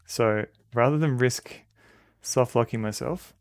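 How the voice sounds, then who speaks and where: Gravelly-voiced Australian man streaming. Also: mid-range voice, measured pace, no echo. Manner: rambling, chatty, fond baby-talk to dogs. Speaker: game streamer. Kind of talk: casual live-stream chat. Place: home room with dogs.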